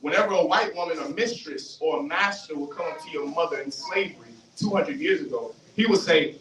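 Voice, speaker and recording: A man giving a fiery street-style religious lecture, animated, questioning the audience and acting out voices. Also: a little high, a little fast, few pauses. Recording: roomy, distant mic, faint hiss.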